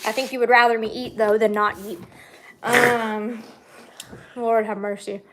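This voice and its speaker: A woman's voice: a little high, little pitch movement, a little slow, heavy background noise. A woman hosting her own channel, chatting and teasing while she eats, often with her mouth full. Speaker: channel host. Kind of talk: casual mukbang chat.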